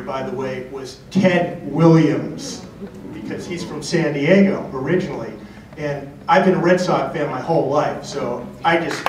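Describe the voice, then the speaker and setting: Man storyteller, slightly high voice, live slam, heard from far off in a booming hall. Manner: chatty, lots of filler words. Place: large convention hall. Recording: echoey hall from far off, background noise.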